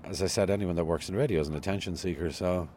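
A man's voice: low voice, steady tone, fast talker, a little mellow, slight background noise. A middle-aged man with a Cork Irish accent, a radio newsreader chatting as an interview guest, self-deprecating and full of stories. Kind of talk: casual interview chat.

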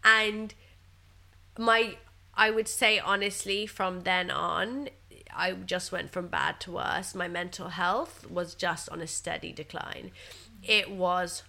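Woman, young adult, chatty, candid, bright tone. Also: fairly low pitch, fairly even intonation, takes it slowly, creaky. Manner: chatty and open, many fillers like "like" and "you know". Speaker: guest. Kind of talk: candid casual chat.

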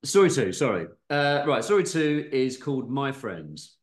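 A man's voice: medium pitch, very animated, normal speed. Easygoing man, echoey room. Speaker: podcast host reading a story. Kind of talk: casual chat.

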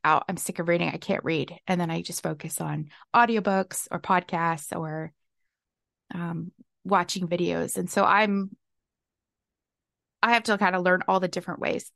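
A woman's voice: fairly low pitch, creaky, no echo, clean studio sound. A woman hosting her own podcast, talking casually and exuberantly, laughing often. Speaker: podcast host. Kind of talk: casual solo podcast talk. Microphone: desk mic.

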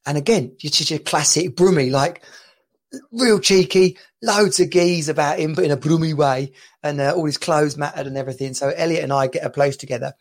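A man's voice: fairly high pitch, fairly quick. A man hosting a casual podcast, chatting and telling stories with lots of laughter and restarts. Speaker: podcast host. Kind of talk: casual chat. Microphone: home podcast mic.

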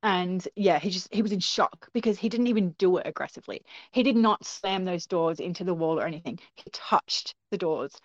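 A woman's voice: lowish voice, brisk, few pauses, dry recording. A woman, a guest, tells a story in a casual, conversational way with many fillers, acting out the quotes. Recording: dull lo-fi recording.

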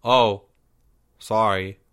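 A man's voice: on the low side, fairly even intonation, extremely slow, a bit bright, clean tone. A man reading a story aloud, voicing a fifth-grade boy who whines, sobs and begs. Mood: flustered. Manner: whining, pleading, blubbering.

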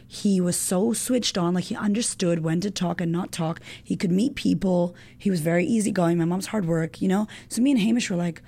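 A woman in her thirties tells a personal story as a guest, animated and emotional, with lots of fillers and casual swearing. Her voice is gravelly and mellow, sitting a little low. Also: a little fast, few pauses. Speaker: guest, women's coach. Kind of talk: casual chat.

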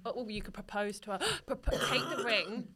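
A woman's voice: medium pitch, expressive, background noise. A young woman co-hosting a podcast, chatting casually, giggling often and joking along with her co-host. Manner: giggly, playful, quick to joke along. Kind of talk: casual chat.

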